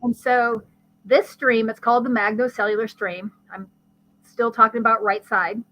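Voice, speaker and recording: A woman, a guest expert, explaining brain science in conversation with a lively teaching manner and vivid everyday examples. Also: on the high side, normal speed, poor audio. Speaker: guest expert on ADHD and learning.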